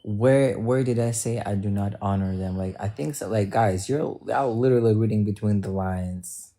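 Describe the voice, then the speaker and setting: A woman streamer with a rumbling low, dark-toned voice talks at a moderate pace. Addressing chat directly, she keeps it casual and blunt, joking and swearing freely as she responds to viewers.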